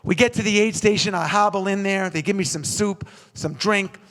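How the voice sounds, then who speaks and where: A man giving a storytelling keynote as a motivational speaker, energetic and building rhythm through repetition. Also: high-pitched, normal speed.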